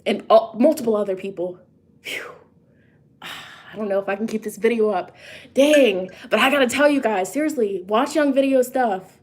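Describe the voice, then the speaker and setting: A woman's voice: fairly high pitch, normal speed. A woman who reads tarot, talking casually and emphatically to her viewers, often asking them questions and restarting sentences as she goes. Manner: emphatic, talks straight to viewers with rhetorical questions; loose and conversational, with frequent restarts and asides. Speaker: tarot reader and psychic. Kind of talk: casual vlog monologue.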